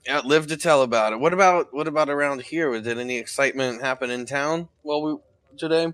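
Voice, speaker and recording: A man's voice: medium pitch, fast talker, a bit bright. A man playing a tabletop game, speaking easygoing lines in character. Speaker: player. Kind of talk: casual in-character play.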